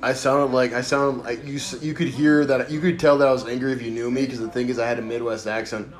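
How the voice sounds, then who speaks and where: A man's voice: mid-range voice, fairly even intonation, fast talker. A man co-hosting a casual podcast, telling stories full of swearing and cutting in on his partner. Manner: profane, storytelling, talks over his partner. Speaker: podcast co-host. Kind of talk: casual drunk podcast chat.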